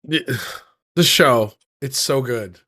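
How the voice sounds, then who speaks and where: A man's voice: medium pitch, slow, sharp tone. A man co-hosting a podcast in a mid-range voice, chatting casually. He drops joking asides and plugs his stream between his co-host's recaps. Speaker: podcast co-host. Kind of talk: casual chat.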